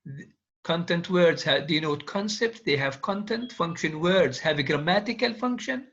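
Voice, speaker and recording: A man's voice: fairly high pitch, expressive, normal speed, fairly bright tone. A man lecturing on linguistics, repeating key phrases and quizzing his students. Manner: repetitive, drills students with quiz questions. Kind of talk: classroom lecture. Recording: dull lo-fi classroom recording.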